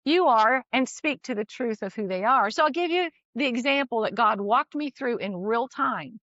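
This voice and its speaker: A middle-aged woman tells a personal story in relaxed conversation, with a slightly high voice. She is animated and often restarts her sentences, with bits of laughter in between. The sound is dry and a little dull. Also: normal speed, no room sound. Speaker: guest sharing a parenting story.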